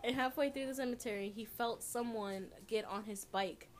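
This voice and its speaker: A woman's voice: a little high, moderate pace. A young woman co-hosting a casual podcast, telling a rambling story between bursts of laughter. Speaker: podcast co-host.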